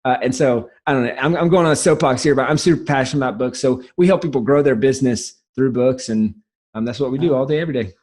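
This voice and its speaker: A man's voice: mid-range voice, a little mellow. Enthusiastic man with a light Southern accent. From South Carolina. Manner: fast, enthusiastic storytelling with frequent restarts. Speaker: guest, business founder. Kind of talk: casual podcast interview.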